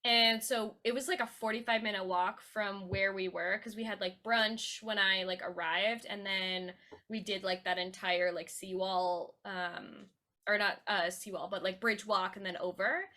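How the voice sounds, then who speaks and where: A woman's voice: mid-range voice, steady tone, a little slow, bright, forceful tone. A woman co-hosting a podcast, chatting casually with lots of fillers and laughter. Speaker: podcast co-host. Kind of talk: casual chat.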